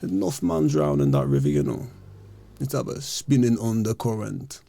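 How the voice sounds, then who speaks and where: A man voicing an old Jamaican man on a veranda, talking in a flat, matter-of-fact patois drawl. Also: medium pitch, normal speed, gravelly, dry recording. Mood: offhand.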